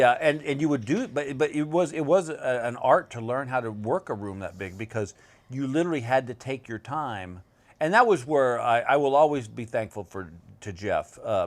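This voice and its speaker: A middle-aged male comedian chatting casually as a guest, telling rambling stories with a slow drawl and many restarts. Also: lowish voice. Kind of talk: casual chat. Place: bedroom set.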